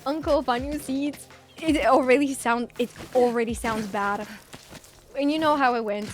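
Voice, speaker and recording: A young woman from Bulgaria with a Bulgarian accent, chatting casually with her chat while livestreaming a game, teasing and reading messages aloud. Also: sits high. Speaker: streamer.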